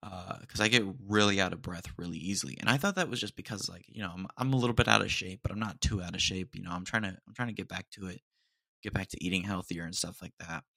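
A man's voice: low voice, fast talker, vocal fry, bright, forceful tone, no room sound, clean studio sound. A man hosting a casual solo podcast, rambling and joking as he talks. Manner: rambling and jokey, says "dude" a lot. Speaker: podcast host.

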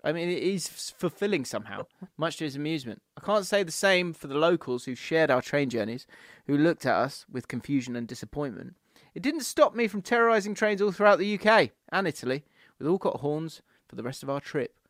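Bloke reading out listener messages on a podcast, slightly high voice, laughs a lot, dry close sound. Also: male voice, big pitch swings, brisk, no room sound. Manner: laughing, reads listener messages aloud with banter. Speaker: podcast co-host. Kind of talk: casual football podcast chat.

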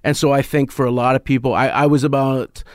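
A Canadian man, a comedian and writer, talking through his past in a thoughtful, halting way with many restarts. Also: mid-range voice, level tone, a little mellow, dry recording, studio quality. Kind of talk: casual interview conversation.

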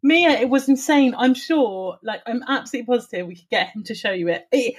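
A woman with a somewhat high voice tells a story in relaxed conversation. She is animated and breezy, and she swears freely. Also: a little fast, breathy edge. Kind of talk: casual chat.

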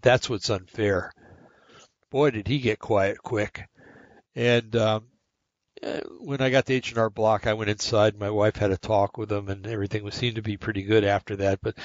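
A blunt older man delivering a rambling podcast monologue, full of restarts. His voice sits somewhat low, and the recording is dull and lo-fi with a dry, close sound. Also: no echo. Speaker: podcast host. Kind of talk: opinionated monologue.

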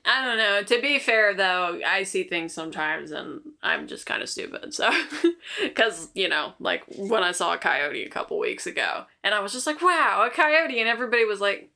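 A woman's voice: mid-range voice, expressive, normal speed, creaky, sharp tone. A woman in casual podcast chat, hesitant and self-deprecating.

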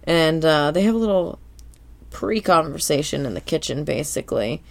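Low-voiced woman podcast host. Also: normal speed, vocal fry. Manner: animated, slips into character quotes; swears casually. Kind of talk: casual episode recap chat.

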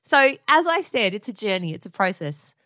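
A woman in her thirties co-hosting a casual chat show, bubbly, enthusiastic and quick to giggle. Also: mid-range voice, sing-song, bright, forceful tone. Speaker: podcast co-host.

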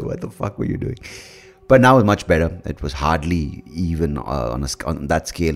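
A man's voice: a bass voice, vocal fry. A hungover man, rambling and swearing through a casual solo podcast monologue. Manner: rambling, profane, self-mocking. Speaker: podcast host.

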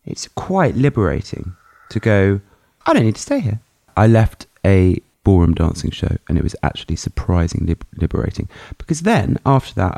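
Gravelly, animated man. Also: fairly low pitch, no room sound. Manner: camp, self-mocking, jokey. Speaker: podcast co-host. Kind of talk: casual chat.

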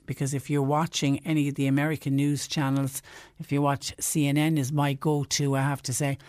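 A man's voice: on the high side, no room sound. A man with an Irish accent hosting a radio show, chatting casually and reading out listener letters, slipping into quoted voices as he tells stories.

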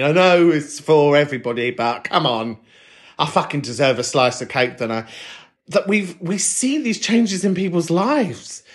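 A podcast host with a common British accent, chatting casually and swearing freely while rambling. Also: medium pitch. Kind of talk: casual chat.

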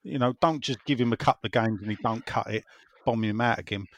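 A man's voice: mid-range voice, fast, a bit bright, dry recording. Chatty man, dry close sound. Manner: rambling, conversational, repeats himself. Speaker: football podcast host reading listener messages. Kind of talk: casual chat.

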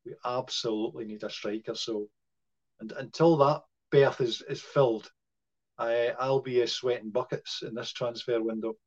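A man talks football on a podcast in an easy chat. He stops and restarts often and leans on fillers as he thinks aloud. The recording sounds muffled and lo-fi, and his pitch sits in the middle. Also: steady tone, normal speed. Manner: hesitant, lots of fillers and restarts. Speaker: podcast co-host. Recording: muffled lo-fi audio.

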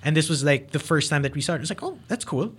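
Casting: man, podcast co-host, lively loose wrestling talk, slightly high voice. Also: racing, breathy edge. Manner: animated, swears freely, mixes in Tagalog. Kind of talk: casual wrestling chat.

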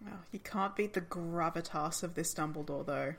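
A woman chatting casually and enthusiastically, with quick asides. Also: fairly low pitch, a little hiss or hum. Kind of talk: casual chat.

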